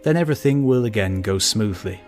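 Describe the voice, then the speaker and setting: A man reading a travel story aloud as an audiobook narrator, measured and steady. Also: fairly low pitch, over music. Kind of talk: scripted narration.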